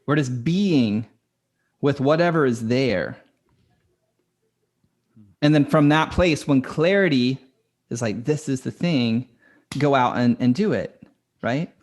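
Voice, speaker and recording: A man's voice: medium pitch, slow pace, long pauses, darkish tone. A man who works as a coach, talking casually and earnestly as a podcast guest. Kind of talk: conversational podcast interview.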